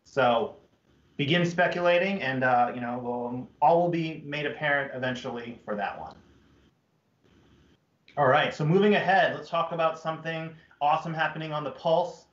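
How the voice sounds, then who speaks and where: A man's voice: a little high, normal speed, fairly bright tone. Upbeat man presenting in roomy audio. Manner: upbeat, filler-heavy presenting. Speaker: toy brand host. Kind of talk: live stream product presentation. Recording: muffled, roomy stream audio.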